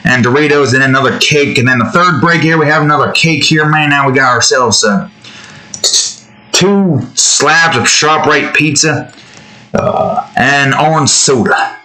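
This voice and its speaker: Rambling, jokey man with a bright voice. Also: on the high side, a little slow, low-quality recording. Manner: jokey, rambling, profane, many fillers. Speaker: channel host. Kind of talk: casual rambling chat while drawing.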